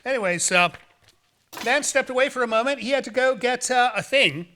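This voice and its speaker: Goofy horror host guy, high bright voice, rambles and jokes. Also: a little fast, slight background noise. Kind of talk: playful, campy hosting chat.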